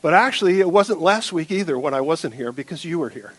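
Pastor guy preaching, kinda high voice, dry close sound, jokes and asks the crowd stuff. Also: normal speed, dry recording. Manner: lively preaching with audience questions and humor; quiet solemn prayer. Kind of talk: sermon.

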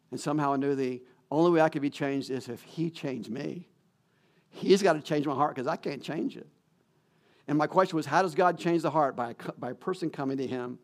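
Earnest preaching man, soft to loud. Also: medium pitch, lively intonation, fairly quick. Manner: earnest, pleading questions, swings from soft to loud. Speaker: pastor. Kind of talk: sermon with closing prayer. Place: church.

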